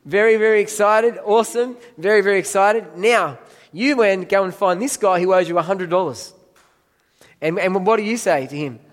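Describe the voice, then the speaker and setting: A male pastor with a high voice preaches with lively, emphatic storytelling. His voice rings with the long reverb of a large church hall as he calls up volunteers to act out the story. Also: moderate pace. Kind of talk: sermon with audience volunteers.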